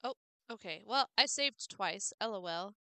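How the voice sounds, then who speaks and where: Female game streamer, unhurried, bright tone, muttered puzzle-solving commentary. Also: medium pitch, expressive, smooth, no echo. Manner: mutters and thinks aloud while puzzling. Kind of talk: casual gameplay commentary.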